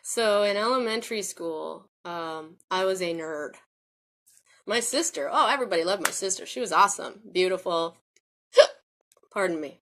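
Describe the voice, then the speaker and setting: A woman's voice: mid-range voice, normal speed, pushed and bright, a little hiss or hum. A woman telling a personal story to camera, rambling and circling back with many restarts and fillers in an earnest, confiding way. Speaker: vlogger. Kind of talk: personal spoken reflection.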